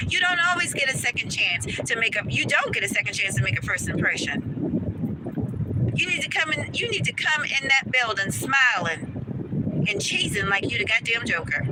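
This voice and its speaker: A woman's voice: sits high, heavy background noise. A woman dental hygienist ranting to her viewers in a casual vlog, emphatic and preachy, talking straight to the camera.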